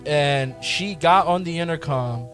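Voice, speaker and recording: A man's voice: fairly high pitch, a little slow, a bit bright, soft background music. A man from New Jersey telling a school story in a loose, swearing, casual way on a podcast. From Newark, New Jersey. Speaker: podcast co-host.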